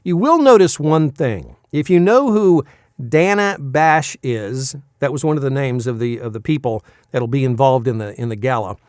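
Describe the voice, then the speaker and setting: A man's voice: medium pitch, animated, normal speed, darkish tone, no echo, clean studio sound. A male voice actor chatting casually in a vlog, rambling and self-deprecating as he tells stories from his work.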